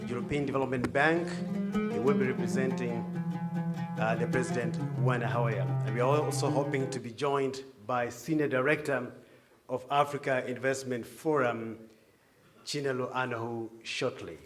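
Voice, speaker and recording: A man moderates a formal press conference in a large hall, making upbeat, ceremonial introductions with pauses. His voice sits at an ordinary middle pitch. Plucked guitar music plays clearly behind him. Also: steady tone.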